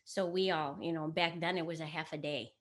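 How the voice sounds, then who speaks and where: A middle-aged woman born in the United States whose first language was Italian, chatting casually as the host's mother and acting out quoted lines in a lively way. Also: low-pitched, fairly quick. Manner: lively storyteller, acts out quotes. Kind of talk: casual chat. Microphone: camera mic in home setting.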